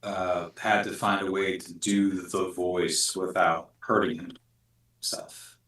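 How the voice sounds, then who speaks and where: Deep, bright-toned man giving advice. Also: flat delivery, slow pace. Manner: earnest, instructive. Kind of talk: casual advice. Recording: echoey room, far from mic.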